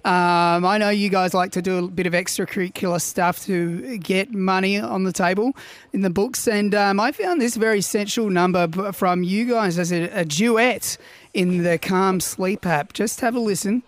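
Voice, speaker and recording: A man's voice: high-pitched, moderate pace. A man, a producer on a radio show, chatting playfully. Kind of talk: casual radio chat.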